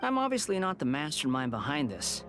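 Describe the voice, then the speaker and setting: A man's voice: on the high side, huge pitch swings, a little fast. A man voicing a young male villain in a video game, sneering and condescending, with game music behind him. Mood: smug.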